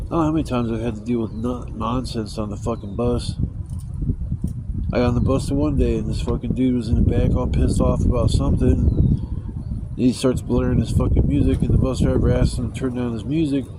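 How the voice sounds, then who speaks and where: A man's voice: medium pitch, mellow, a little hiss or hum, rough recording. A man telling rambling, profane stories in a casual vlog. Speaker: vlogger. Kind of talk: casual storytelling.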